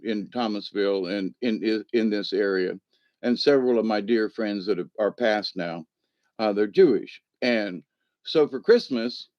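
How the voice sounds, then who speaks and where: A man chats on a livestream in a middle-pitched voice. He rambles from one story to the next and laughs often. He breaks off to answer viewers in the chat. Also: no echo. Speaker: livestream host.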